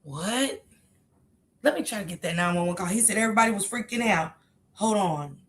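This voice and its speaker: A woman's voice: medium pitch, expressive, fairly quick, a bit bright, slight background noise. A woman doing sassy casual live commentary, talking back to clips. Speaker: commentary streamer.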